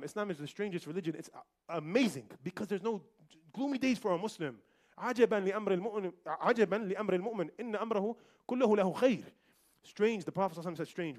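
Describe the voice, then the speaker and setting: A man's voice: high voice, darkish tone. A man preaching a Friday sermon in a mosque, emphatic and repetitive, dropping Arabic phrases. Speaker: imam giving a Friday khutbah. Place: large mosque.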